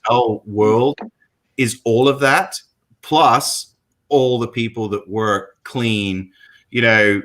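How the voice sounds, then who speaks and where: A man's voice: mid-range voice, fairly even intonation, slow, fairly bright tone, low-quality recording. A middle-aged man with a London accent, telling his story as a guest in a casual chat, rambling with many fillers and restarts. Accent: London English. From England.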